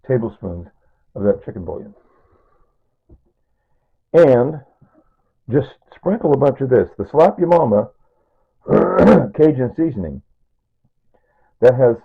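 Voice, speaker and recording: A man's voice: mid-range voice, creaky, husky. A man in his sixties, chatting casually while he cooks a stew, rambling through asides and chuckling at his own jokes. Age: 60s. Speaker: home cooking vlogger. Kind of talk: casual cooking demonstration. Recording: tinny, phone-like sound.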